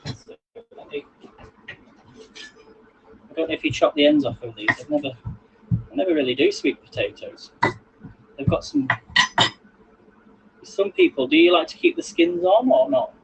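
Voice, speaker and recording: A man's voice: extremely high pitch, wildly swooping pitch, measured pace, vocal fry, pauses often, muffled recording, slight background noise. A man hosting a casual live cooking stream from his home kitchen, chatting and rambling to viewers while he cooks. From England. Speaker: livestream cooking host. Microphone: phone on a selfie stick.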